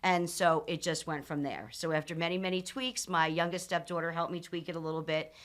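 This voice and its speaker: A woman's voice: low voice, steady tone, fairly quick, a bit bright. A woman in her fifties, a nonprofit founder, telling a personal story as a podcast guest, candid and earnest, with many ums and restarts.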